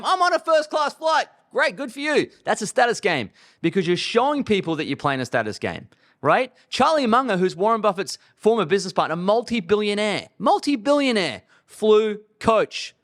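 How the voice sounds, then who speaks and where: A man's voice: high voice, fairly bright tone. A man in his thirties delivering blunt, emphatic money advice as a show host.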